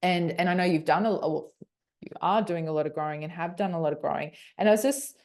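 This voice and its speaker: A woman's voice: on the low side, fast, darkish tone. A middle-aged woman hosting a podcast interview, speaking hesitantly with many fillers and restarts. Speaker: podcast host. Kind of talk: conversational interview.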